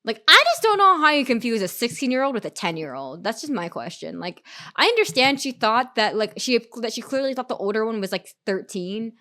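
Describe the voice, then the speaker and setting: Brief: young woman streamer, chatty rambling storyteller, bouncy lively intonation. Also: a little high, a little fast. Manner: rambling, full of "like" and restarts. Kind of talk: casual storytelling chat during a game stream.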